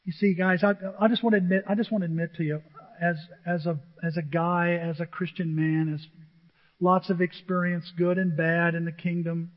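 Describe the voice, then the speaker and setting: A man's voice: high-pitched, flat delivery, moderate pace. A male pastor preaching a sermon with emphasis, often firing questions at the congregation. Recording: dull echoey church recording.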